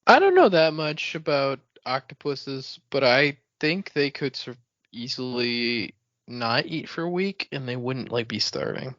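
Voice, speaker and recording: Guy adding his take on a book, mid pitch, dry dull mic. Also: very animated, a little slow, a bit bright, no room sound. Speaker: podcast co-host. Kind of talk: casual book-club chat.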